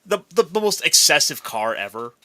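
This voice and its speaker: A man's voice: a little high, very animated, moderate pace, sharp tone. A man co-hosting a casual film podcast, analyzing characters with enthusiasm. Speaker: podcast co-host.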